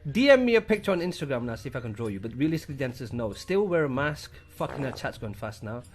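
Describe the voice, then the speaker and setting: A man's voice: medium pitch, very animated, very fast, husky. A young British man streaming live, reading chat and thanking subscribers in a casual, profane way. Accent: British English. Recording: faint music behind the voice.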